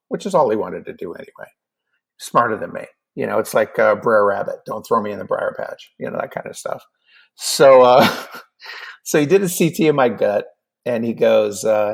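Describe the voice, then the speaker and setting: A podcast guest in his fifties tells a personal story in casual talk, his low-leaning voice gravelly and at normal speed. He's animated, acting out the dialogue and using lots of fillers.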